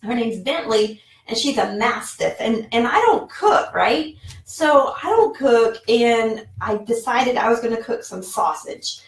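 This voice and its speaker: A woman's voice: on the high side, lively intonation, a little slow, far from the mic. A woman in her forties chatting casually in a vlog from her home office, rambling with many fillers. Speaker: online seller and vlogger. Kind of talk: casual talking-head vlog. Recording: roomy echo, mic set back.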